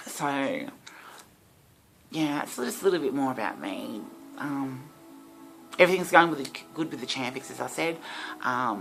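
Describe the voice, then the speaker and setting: An Australian woman talking candidly in a casual personal vlog, chatty and quick to laugh. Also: rumbling low, poor audio. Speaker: vlogger. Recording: clear background music. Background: music.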